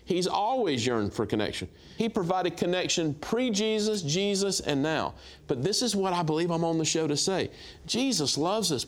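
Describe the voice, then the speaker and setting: A middle-aged man, a guest minister, telling lively stories on a talk show and acting out dialogue with laughs. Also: a little high. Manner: animated storyteller, acts out dialogue, laughs. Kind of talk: storytelling testimony on a talk show.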